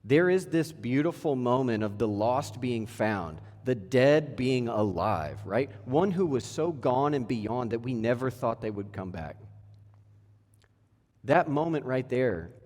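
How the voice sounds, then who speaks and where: A pastor in his thirties preaches a sermon in an echoey church hall, keeping it casual and conversational with plenty of rhetorical questions. His mid-range voice is animated and darkish, delivered a little slowly.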